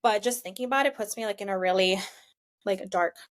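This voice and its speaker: A woman's voice: medium pitch, brisk. A woman co-hosting a podcast, talking in a reflective, hesitant way with frequent restarts. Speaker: podcast co-host. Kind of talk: casual chat.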